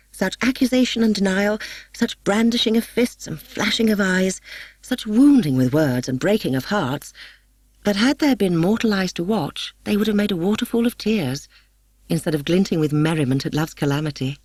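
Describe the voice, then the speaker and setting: A woman narrating a classic story as an audiobook, in a measured and expressive storytelling manner. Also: mid-range voice, slightly rough, no echo.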